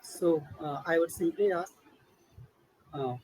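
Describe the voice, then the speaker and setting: A man's voice: on the high side, a little slow, breathy edge, poor audio. A man with an Indian English accent, a student in an online English lesson, answering hesitantly with many fillers over a video call.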